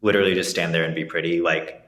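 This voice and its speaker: Very deep-voiced man, bright tone. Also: level tone, echoey room. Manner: measured, explanatory, many "like" fillers. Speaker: podcast co-host. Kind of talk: casual chat.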